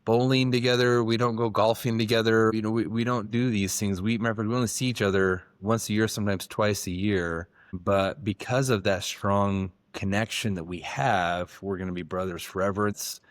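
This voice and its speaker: A middle-aged man with a lowish voice tells a story on a podcast, warm and sincere, often restarting his sentences. The recording is close and dry. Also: steady tone, normal speed, no echo. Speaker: dentist and podcast co-host. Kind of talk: reflective podcast conversation.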